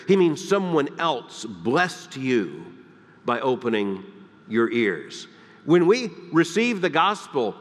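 A man from the Deep South, preaching a sermon, emphatic and swinging between loud peaks and hushed, quiet lines. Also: sing-song, measured pace, big-room sound. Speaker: pastor. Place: church sanctuary.

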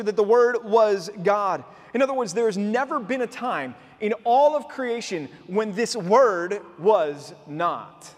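High-voiced preacher in a reverberant hall. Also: male voice. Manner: earnest, explanatory, with rhetorical questions. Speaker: pastor. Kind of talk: sermon.

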